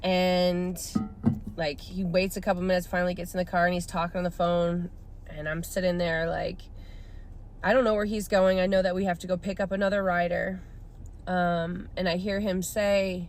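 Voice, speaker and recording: A woman's voice: fairly low pitch, little pitch movement, normal speed, a little hiss or hum. A woman in her thirties, a rideshare driver casually telling a story and acting out the people she quotes.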